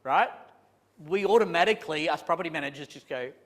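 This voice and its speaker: Male trainer, fairly high voice, chatty and self-deprecating, long hall reverb. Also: fast. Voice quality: chatty, animated, self-deprecating jokes, many restarts. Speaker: property management trainer. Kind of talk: live training talk to a room. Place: conference room with a live audience.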